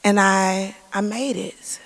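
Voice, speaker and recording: Speaking slowly in a steady, mid-range voice, a cancer survivor in her 40s shares her earnest testimony, performing the lines of dialogue she recounts. She is in a church sanctuary, and the recording carries the long reverb of the hall.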